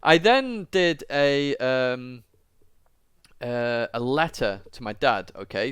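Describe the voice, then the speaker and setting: A man's voice: mid-range voice, expressive, slow, a bit bright, smooth, dry recording, studio quality. A young man, a YouTuber, telling a long personal story to camera in a rambling, casual way. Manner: rambling, lots of fillers, tearing up at moments.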